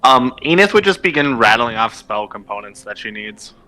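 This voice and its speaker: A man's voice: mid-range voice, big pitch swings, normal speed, pushed and bright, rough recording. A man playing a tabletop game, eagerly describing what his character does in his own plain voice. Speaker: player.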